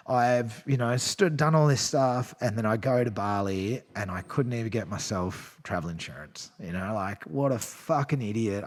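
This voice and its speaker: Rambling man in a reverberant hall. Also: mid-range voice. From Australia. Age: 30s. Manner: candid and rambling, swears freely, many fillers and restarts. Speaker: podcast guest. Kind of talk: casual storytelling chat.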